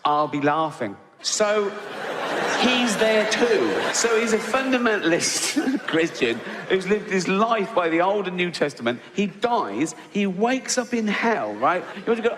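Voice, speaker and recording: On a theatre stage, an Englishman performs conversational stand-up, frequently tacking on "right?" and leaping into high, laughing voices. He is expressive and talks at a normal speed. It's recorded live in a hall with an audience, and the background is noisy.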